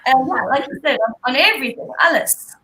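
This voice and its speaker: Easygoing bright-voiced woman guest. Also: high voice, quick pace, rough recording. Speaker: guest musician and visual artist. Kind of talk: casual live-stream chat.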